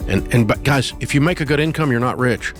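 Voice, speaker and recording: A man's voice: mid-range voice, a little fast, music in the background. A man hosting a call-in advice show, blunt and scolding but affectionate, with folksy turns of phrase. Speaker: radio talk show host. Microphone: studio microphone.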